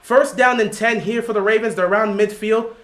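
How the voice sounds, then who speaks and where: Animated man streaming live game commentary. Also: sits high, a little fast. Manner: animated, lectures the chat directly. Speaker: livestream host. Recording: roomy echo.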